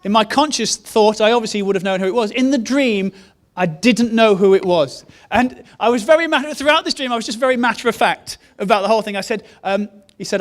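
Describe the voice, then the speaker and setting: A man's voice: high-pitched, brisk. A man preaching a sermon, telling a story in an earnest way and repeating key phrases. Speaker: pastor.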